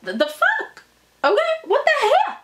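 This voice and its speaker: A woman puts on an aging patriarch scolding his family in a blunt, cursing rant, high and bright in tone. He sounds furious and wounded at once. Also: huge pitch swings, a little slow, full character voice. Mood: angry.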